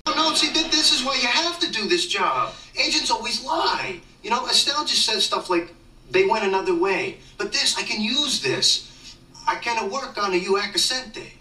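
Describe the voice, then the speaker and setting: A sweet dopey young actor, casual easygoing talk, bright tone, sitcom clip, echoey from a distance. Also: male voice, sits high, lively intonation, normal speed, full character voice. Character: young male struggling actor, dim but good-natured. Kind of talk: sitcom acting. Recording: roomy distant sitcom soundtrack with background noise.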